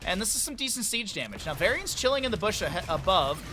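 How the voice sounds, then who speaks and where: A man commentating a live esports match with a bright, forceful voice pitched a little high. He calls the action quickly, breaks into excited outbursts and drifts into rambling side chatter. A faint hiss of noise sits under him. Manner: excitable, rambling asides between fast play-by-play; chatty, talks directly to chat. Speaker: esports caster.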